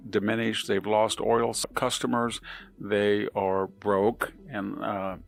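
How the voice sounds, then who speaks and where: An older man giving unscripted political commentary, measured and methodical, ticking through points with restarts and pauses. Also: lowish voice, gravelly.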